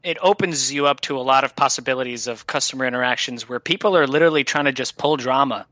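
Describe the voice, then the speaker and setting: Bright-voiced man telling a story. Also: medium pitch, quick pace, no echo. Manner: laughing, anecdotal, lots of fillers. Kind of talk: casual podcast storytelling.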